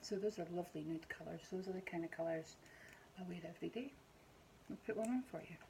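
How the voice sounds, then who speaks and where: A woman's voice: lowish voice, quick pace, vocal fry, mellow, a little hiss or hum, low-quality recording. A middle-aged Scottish woman vlogging an unboxing in a casual, rambling way, with many ums. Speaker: beauty vlogger.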